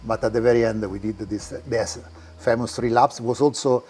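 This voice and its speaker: A man with an Italian accent, a car collector giving a tour of his garage and talking in halting English with many restarts. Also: mid-range voice, steady tone, darkish tone, breathy edge. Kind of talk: casual interview while walking a car collection. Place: indoor garage.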